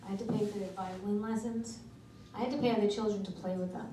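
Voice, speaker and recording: A middle-aged woman doing a stand-up comedy routine, delivering brash, deadpan one-liners in a comedy club. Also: mid-range voice, quick pace. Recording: echoey club from far off with noise.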